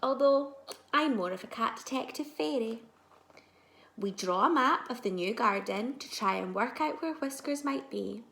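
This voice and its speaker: A woman teacher reads a children's picture book aloud at an unhurried pace. Her bright voice carries a gravelly fry. She moves between hushed asides and louder moments. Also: a little high, echoey room. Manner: slow, expressive, shifting between soft and loud. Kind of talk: storybook read-aloud.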